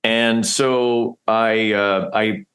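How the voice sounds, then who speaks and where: A man's voice: lowish voice, little pitch movement, extremely slow, fairly bright tone. A middle-aged man from Nebraska, a podcast guest, telling a personal story in a candid, emotional way and often restarting his sentences. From Nebraska, United States.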